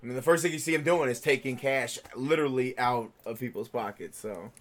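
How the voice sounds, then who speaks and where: A man co-hosting a casual chat, excitable and laughing often, with casual swearing. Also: mid-range voice, brisk. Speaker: podcast co-host.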